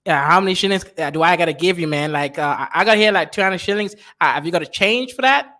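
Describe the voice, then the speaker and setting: A man doing a laid-back high tourist. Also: quick pace, bright, forceful tone. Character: casual American tourist haggling at a market.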